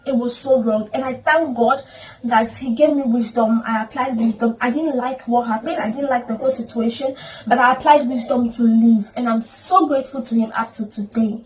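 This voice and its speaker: This vlogger's voice is a little high and somewhat mellow, with fairly even intonation and a normal pace. She recounts a personal story earnestly and emotionally, adding prayerful asides, while sitting away from the mic amid faint ambience.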